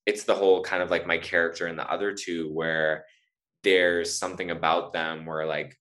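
A man's voice: low-pitched, little pitch movement, moderate pace, fairly bright tone. A man who is an actor, a guest on a podcast, chatting casually and rambling with many fillers and restarts. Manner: rambling, hesitant, lots of fillers. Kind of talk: casual chat.

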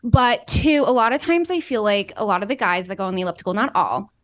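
A woman's voice: medium pitch, expressive, fast talker. A young woman from Boston, a dietitian guest, chatting in an upbeat way and giving advice with lots of "like.". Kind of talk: casual chat.

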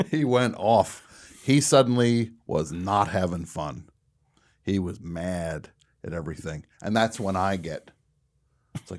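Lowish-voiced guy hosting a radio show, animated, spinning a funny story and cracking himself up. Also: measured pace, pauses often. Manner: animated, laughs at his own story. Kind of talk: casual comedic storytelling.

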